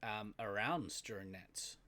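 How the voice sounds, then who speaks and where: A man's voice: on the low side, unhurried, bright, forceful tone. Chatty New Zealand man, laughing a lot. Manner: laughs often, chatty and loose, trails off with fillers. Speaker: podcast co-host. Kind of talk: casual chat.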